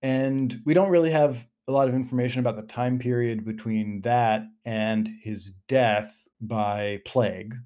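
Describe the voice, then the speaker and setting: A man co-hosting a book club podcast, talking casually and haltingly with many fillers and restarts. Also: medium pitch, steady tone, warm tone.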